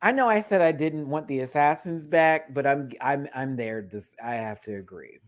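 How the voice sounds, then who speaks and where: A man ranting through a TV review on his vlog, frank and swearing freely. His delivery is animated, dropping to low mutters and then bursting into loud outbursts, and he scats rhythms out loud. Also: normal speed. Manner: frank and profane, scats beats aloud. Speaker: TV review vlogger. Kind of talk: casual rant review.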